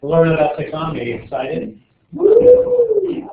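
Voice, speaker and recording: A man lectures a biology class in a loose, joking, rambling way, his voice a little high. He is heard from across an echoey classroom. The sound is thin and phone-like, with a faint hum underneath. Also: normal speed. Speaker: biology teacher. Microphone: far camera. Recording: distant, echoey, tinny classroom camera audio.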